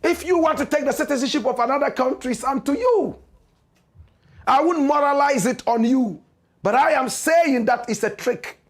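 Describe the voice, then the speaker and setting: A man with a high voice and a Ghanaian English accent hosts a political commentary show. He preaches with passion, driving each point home through repeated rhetorical refrains. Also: normal speed. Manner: impassioned, preachy, repetitive rhetorical cadence. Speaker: radio and online show host.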